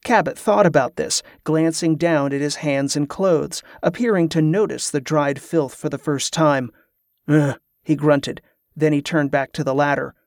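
A man reading a novel aloud as narrator, in an even, measured way. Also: a little high, dry recording, studio quality. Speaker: audiobook narrator. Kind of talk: scripted narration.

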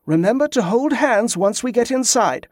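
A man's voice: very high-pitched, expressive, normal speed, no room sound, studio quality, voice pushed up. A man voicing an earnest young nobleman's son. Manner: earnest, gently protesting.

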